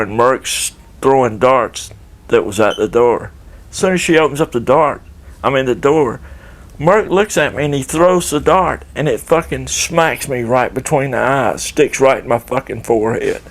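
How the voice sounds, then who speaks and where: Older man, gravelly voice, loose profane storyteller, mid pitch. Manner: rambling, profane, laid-back. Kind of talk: casual storytelling.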